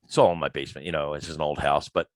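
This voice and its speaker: A man, a podcast guest telling a story in a lively, emphatic way and acting out the lines of the people in it. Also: very deep voice, racing, dry recording. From Philadelphia, USA. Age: 50s. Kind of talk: casual storytelling.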